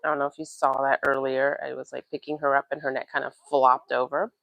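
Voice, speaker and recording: A woman's voice: rumbling low, little pitch movement, quick pace, vocal fry, a bit bright, no echo, lo-fi sound. A young woman vlogging from home in a casual livestream, chatting about parenting with lots of "like" fillers. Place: home, doing chores. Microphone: livestream mic.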